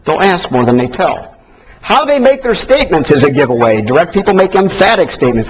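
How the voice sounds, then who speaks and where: A man teaching a live seminar class in an animated, joking way, swinging between emphatic and soft delivery. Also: fairly high pitch, brisk, a little hiss or hum. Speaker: sales trainer. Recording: dull lo-fi recording.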